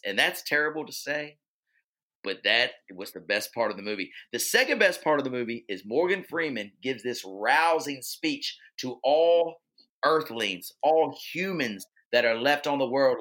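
A man's voice: mid-range voice, lively intonation, moderate pace, pushed and bright. A man co-hosting a casual movie chat, telling his stories in an enthusiastic, rambling way. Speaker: podcast co-host.

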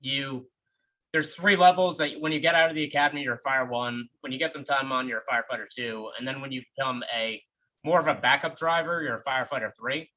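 A man who is a firefighter co-hosting a podcast, explaining things in a quick, joking way during casual chat. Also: mid-range voice, sharp tone, poor audio.

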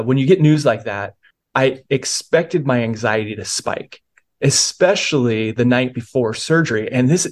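A man, a pastor and author, earnestly telling a personal story of faith in a podcast interview, with many restarts. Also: mid-range voice.

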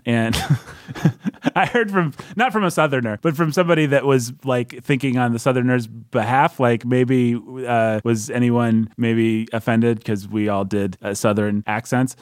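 A man's voice: medium pitch, dry recording, studio quality. A man hosting a book podcast, chatting casually in a playful, joking way. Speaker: podcast host. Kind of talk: casual chat.

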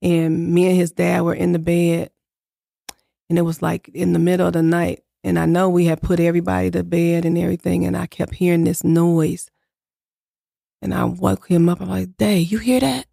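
A middle-aged woman telling family stories as an interview guest, acting out quotes in higher voices. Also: monotone, moderate pace, creaky, warm tone, no echo, studio quality. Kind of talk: casual storytelling.

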